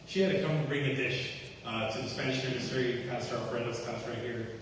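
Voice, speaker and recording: A man's voice: medium pitch, brisk, a bit bright. A man giving an earnest personal testimony at a church recovery meeting. He repeats key phrases and acts out the conversations he recalls. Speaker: testimony speaker at a faith-based recovery meeting. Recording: echoey hall, distant mic, faint hiss.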